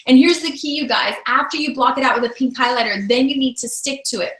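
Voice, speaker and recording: A woman's voice: high-pitched, fast talker, a bit bright, echoey room, rough recording. Upbeat woman teaching a sales class. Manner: upbeat, emphatic, repeats key lines. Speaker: sales trainer. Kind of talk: recorded training class. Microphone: camera.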